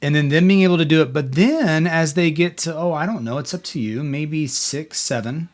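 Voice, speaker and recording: A man's voice: a little high, normal speed. A middle-aged man hosting a podcast, giving faith-based parenting talk in an earnest, encouraging, conversational way. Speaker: podcast host.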